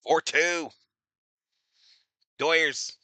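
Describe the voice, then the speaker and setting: A man's voice: fairly high pitch, steady tone, drawn-out words, sharp tone, no room sound. A man giving casual, slangy fan play-by-play of a baseball game, laughing often and reading chat comments aloud. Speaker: live-stream baseball commentator.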